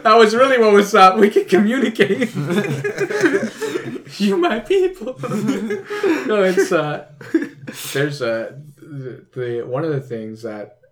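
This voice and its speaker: A young man hosting a casual podcast chat, his voice sitting a bit high. He rambles and restarts often, filling his talk with little fillers. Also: big pitch swings, slow pace, crowd noise. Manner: rambling, lots of "like" and restarts, laughs easily. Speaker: podcast host.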